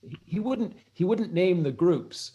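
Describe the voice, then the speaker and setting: A man's voice: sits high, very animated, unhurried, dark tone, highs cut off, slight background noise. A middle-aged man from the United States, a guest on an interview show, telling long reflective stories with many restarts. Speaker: interview guest, blues harmonica player and author. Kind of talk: casual interview storytelling.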